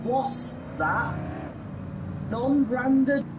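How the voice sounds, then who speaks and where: A man voicing a demanding, touchy household printer that complains loudly. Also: very high voice, animated, very slow, background noise, voice pushed up, full character voice. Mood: indignant. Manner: indignant, loud complaining.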